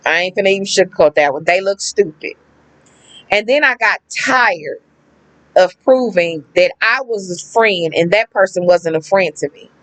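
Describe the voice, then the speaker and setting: A woman telling a personal story to the camera in a casual, animated way, acting out what others said and repeating words for emphasis. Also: on the low side, moderate pace, rough recording. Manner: animated, acts out quoted people, emphatic repetition; slangy, conversational. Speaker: vlogger.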